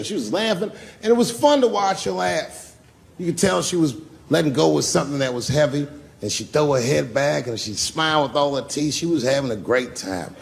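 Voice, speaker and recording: A man doing stand-up comedy, telling a long story and acting out the voices with big swings in pitch. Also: creaky. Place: comedy club stage. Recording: live club with long reverb and faint ambience.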